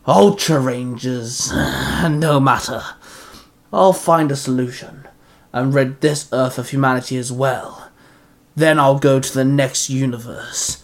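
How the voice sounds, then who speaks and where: A man's voice: medium pitch, takes it slowly, vocal fry. A man voicing a scornful villain who growls his threats, bent on wiping out humanity. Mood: dismissive.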